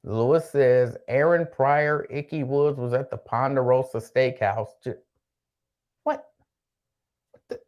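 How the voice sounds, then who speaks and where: A man's voice: medium pitch, slow pace, pauses often, muffled recording. Laid-back man hosting a live-stream chat. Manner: laid-back, repeats phrases, chats to viewers by name. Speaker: host.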